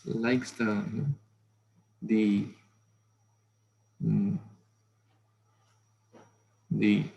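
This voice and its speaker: A man leads a scripture class in an easy, conversational way, asking questions and murmuring "hmm" as he goes. His voice sits at an ordinary middle pitch. Faint noise runs underneath. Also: vocal fry, a little mellow, poor audio.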